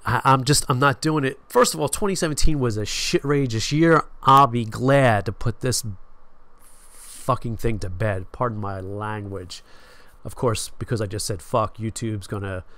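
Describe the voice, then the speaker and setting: A man's voice: on the high side, fairly bright tone, no room sound. A man hosting his own show in a sarcastic, self-mocking way, swearing freely, with a nasal voice close to the microphone. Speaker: show host. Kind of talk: casual comedic show hosting. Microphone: microphone on a stand close to the face.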